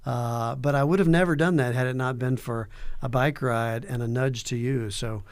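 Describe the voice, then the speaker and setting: A male podcast host with a medium-pitched voice asks his guest questions. He keeps things relaxed, often answering with a quick yes or a murmur. His tone stays easy and conversational. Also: smooth. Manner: relaxed, affirming, with short backchannel replies. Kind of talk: interview podcast.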